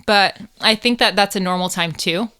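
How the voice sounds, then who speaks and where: A woman's voice: mid-range voice, moderate pace, sharp tone, clean tone. An American woman co-hosting a true crime podcast, telling the case in casual chat with jokes and swearing. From United States. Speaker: podcast co-host.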